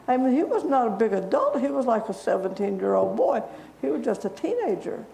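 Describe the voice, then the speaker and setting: Gravelly woman telling a Bible story. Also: fairly high pitch, very animated, fairly quick, warm tone, a little hiss or hum. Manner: conversational, asks the children questions. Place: church. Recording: echoey church room.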